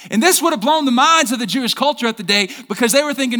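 A middle-aged man preaches to his congregation in a high, bright voice. He swings from fired-up, loud declarations to hushed, low lines. His voice rings out with the long reverb of a big church hall. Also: fast talker, hardly any pauses. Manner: energetic preaching with big swings in pitch and volume. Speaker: pastor. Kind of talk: sermon.

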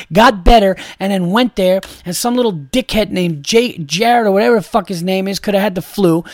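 A man's voice: high voice, no room sound, clean studio sound. A young adult man hosting a podcast, ranting in an exasperated, profane, repetitive way. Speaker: podcast host. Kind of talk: casual ranting monologue.

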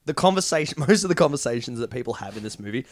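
A man chatting about a film, excitable and laughing, full of filler words. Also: medium pitch, racing, no room sound. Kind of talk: casual film discussion.

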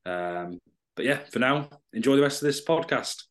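A man's voice: mid-range voice, animated, moderate pace. A man co-hosting a podcast, giving a loose, upbeat intro with plugs for the channel. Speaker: podcast co-host.

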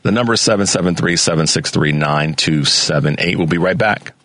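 A man's voice: deep voice, brisk, a bit bright, dry recording. A man hosting a call-in radio talk show, laid-back, laughing easily and restarting his sentences.

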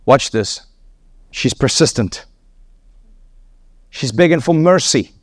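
A man's voice: medium pitch, animated, takes it slowly, no echo, clean studio sound. A man preaching a sermon, emphatic and repetitive, voice climbing sharply on key words.

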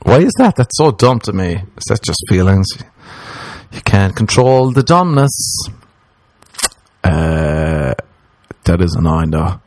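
A man's voice: sits low, big pitch swings, slow pace, long pauses, a little mellow. A young man riffing in a crude, rambling, self-mocking comic monologue, jumping into mock voices for the people he quotes. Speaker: comedian. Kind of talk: stand-up style comic monologue.

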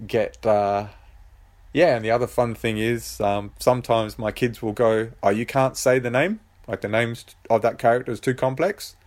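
Hesitant low-voiced man chatting. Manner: hesitant, full of ums and uhs; relaxed, rambling. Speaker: author and podcast host. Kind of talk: casual solo chat.

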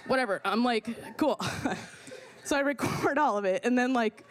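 A young woman telling a personal story in an animated way, full of fillers and swearing, often laughing as she talks. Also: on the high side, moderate pace. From not from America.

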